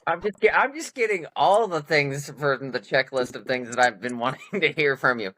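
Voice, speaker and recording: A man's voice: fairly high pitch, expressive, moderate pace, fairly bright tone, low-quality recording. A man hosting a podcast, chatting casually and rambling with many restarts. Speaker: podcast host. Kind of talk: casual chat.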